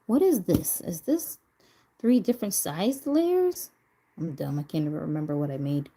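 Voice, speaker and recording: A woman's voice: on the low side, animated, normal speed, warm tone. A woman vlogger chatting casually as she crafts, laughing often and talking to herself while she recovers from a stroke. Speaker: doll vlogger.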